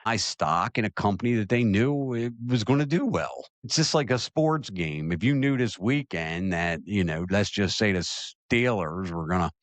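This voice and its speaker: A man hosts his own talk podcast, pressing his opinions hard and circling back to repeat his key points. His voice sits fairly low, and the recording is dry, with no room sound. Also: animated, normal speed, few pauses, no room sound. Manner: emphatic, repeats himself for emphasis. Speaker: podcast host. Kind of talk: opinion rant and listener Q&A.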